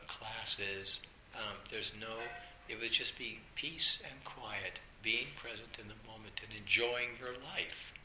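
A man with the flu giving an informal dharma talk as a meditation teacher, telling stories in a gentle, musing way. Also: fairly low pitch. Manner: gentle, musing storyteller acting out family quotes. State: has the flu, coughing. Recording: roomy sound with steady background noise.

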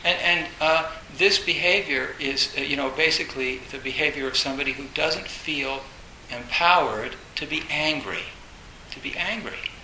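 A man gives a dharma talk in an echoey room with a faint hiss behind him. His voice is bright and a little gravelly, set somewhat high. He rambles and repeats himself, filling gaps with "uh" and "you know". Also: moderate pace. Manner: rambling, repeats phrases, many fillers; acts out inner voices, bursts loud. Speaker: Zen teacher.

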